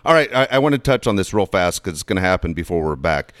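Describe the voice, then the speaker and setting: A man's voice: sits low, very animated, quick pace, fairly bright tone, no echo, clean studio sound. A man hosting a talk show, blunt and teasing, swearing casually. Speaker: radio show host.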